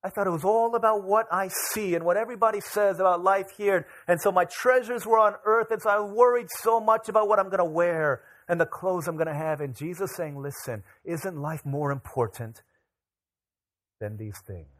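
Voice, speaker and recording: A man's voice: high-pitched, a little fast, few pauses. A middle-aged man, a pastor, preaching a casual sermon full of personal stories, acting out the voices of the people in them. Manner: animated, acts out voices of people in his stories. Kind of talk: storytelling sermon.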